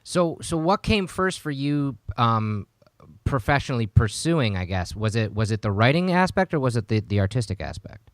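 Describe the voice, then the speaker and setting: A man's voice: medium pitch, sing-song, moderate pace, no room sound, studio quality. A man hosting an interview podcast, asking questions casually and reacting with enthusiasm. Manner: enthusiastic, laughs along. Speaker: podcast host.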